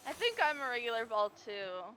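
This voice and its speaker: A woman's voice: a little high, very animated, a little fast, bright, forceful tone. A woman hosting a stream, chatting casually over a party game, giggly and swearing freely. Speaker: streamer host. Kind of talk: casual gaming chat.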